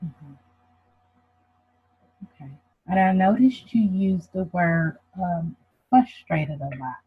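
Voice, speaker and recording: Someone playing a breathy, calm counselor. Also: medium pitch. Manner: measured, reflective questioning. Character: calm counselor asking gentle questions. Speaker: counselor in a role-play. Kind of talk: counseling role-play. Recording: dull lo-fi audio.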